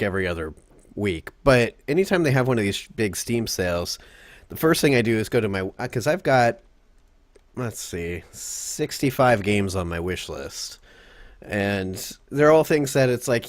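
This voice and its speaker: Low-voiced guy rambling on a gaming podcast, laughs a lot, dry close sound. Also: normal speed, dry recording. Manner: rambling, animated when quoting himself, laughs often. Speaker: podcast host. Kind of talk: casual gaming podcast chat.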